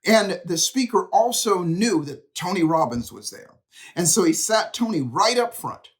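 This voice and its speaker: Lively, higher-pitched motivational speaker man. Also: measured pace. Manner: animated storytelling, acts out quotes. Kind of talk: direct-to-camera motivational talk.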